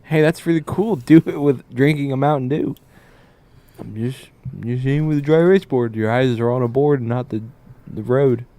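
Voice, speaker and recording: A man's voice: mid-range voice, normal speed, mellow, no echo. A man co-hosting a casual chat show, laid-back and joking, often hesitating between words. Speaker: show co-host.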